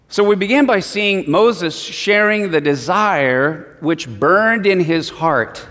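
Preacher guy, kinda high voice, chatty storytelling sermon, big echoey hall. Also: lively intonation, slow, hardly any pauses, fairly bright tone. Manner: conversational storytelling with acted quotes. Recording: long hall reverb.

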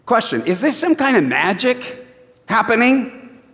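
A man preaching a sermon and reading scripture, an animated storyteller who acts out the voices. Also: very high-pitched, a little slow, big-room sound.

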